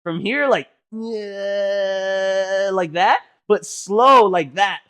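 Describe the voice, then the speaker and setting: A woman's voice: medium pitch, extremely slow. A woman co-hosting a podcast in casual chat, telling a story with lots of swearing and acting out the quotes as she goes. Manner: animated storyteller who swears freely and acts out quotes. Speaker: podcast co-host.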